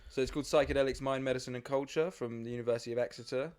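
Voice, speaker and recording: A man's voice: mid-range voice, fairly even intonation, rapid-fire, a little mellow, clear, resonant tone. Earnest young man explaining things. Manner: earnest, explains at length with fillers. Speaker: podcast guest, psychiatric doctor. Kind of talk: casual chat.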